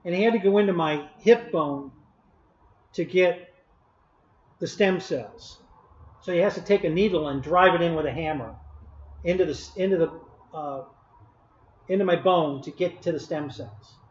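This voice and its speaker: A man's voice: fairly high pitch, normal speed, pauses often. A man hosting a live stream, telling a long casual story to his chat with many restarts and chuckles. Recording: echoey room, dull lo-fi audio.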